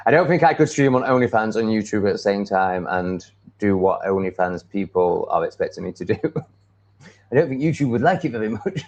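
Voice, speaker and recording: A man's voice: lowish voice, animated, moderate pace, a little mellow, lo-fi sound. A man with an English accent, chatting off the cuff on a live stream, swearing freely, restarting his sentences and laughing at comments. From England. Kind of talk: rambling live-stream chat, reacting to comments.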